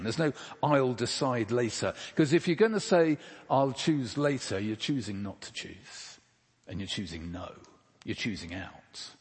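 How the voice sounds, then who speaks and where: Guy giving a sermon, lively pitch, slightly husky, big echoey church. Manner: conversational, rhetorical questions, casual asides. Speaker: preacher.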